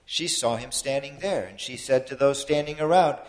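A man preaching a sermon in an earnest, explanatory way, his loudness rising and falling for emphasis. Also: mid-range voice, moderate pace. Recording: long hall reverb.

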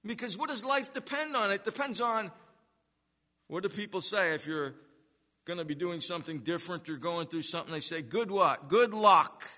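A man preaching a sermon, earnest and emphatic, slowing down to stress key words. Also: high voice, sharp tone. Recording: long reverb of a hall.

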